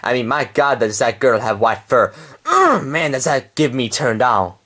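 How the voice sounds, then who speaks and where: A man's voice: mid-range voice, very animated, normal speed, sharp tone, pitched below the performer's own voice. A man voicing a swaggering, lovesick male bird puppet in a homemade puppet show.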